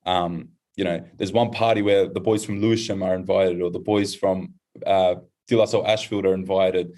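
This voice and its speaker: Young aussie guy yarning on a podcast, lowish voice, jumps way up high doing other people's voices. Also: normal speed. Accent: Australian. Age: young adult. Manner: animated, acts out quoted voices in high pitch. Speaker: guest. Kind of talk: casual storytelling.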